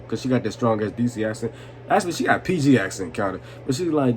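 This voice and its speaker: A man's voice: medium pitch, expressive, fast talker, slight background noise. A young man telling a drunk storytime, loose and profane, laughing and often asking "you know what I'm saying". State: tipsy from vodka.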